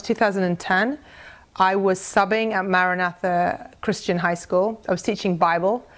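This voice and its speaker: Earnest middle-aged woman telling a testimony. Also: mid-range voice. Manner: conversational, earnest, with many restarts and reading aloud a prayer. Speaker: speaker sharing a mission testimony. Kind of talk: personal testimony talk to a church group.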